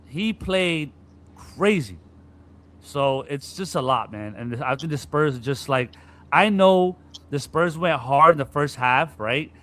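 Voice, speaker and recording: A man's voice: on the high side, slow pace. A man co-hosting a sports podcast, talking casually and animatedly about basketball and acting out players' frustration. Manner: animated, acts out players' griping with profanity. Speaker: podcast co-host.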